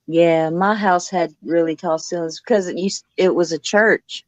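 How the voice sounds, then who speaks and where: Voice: mid-range voice, fairly even intonation, unhurried, no room sound. A speaker in a casual chat, telling family anecdotes with relish. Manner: chatty, tells anecdotes with relish.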